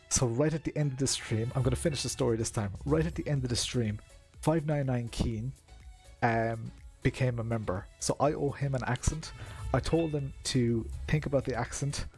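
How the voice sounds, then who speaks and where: A man's voice: mid-range voice, darkish tone. An Irish man in his thirties chatting casually on a live stream, greeting viewers by name and laughing often. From Ireland. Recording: music playing behind.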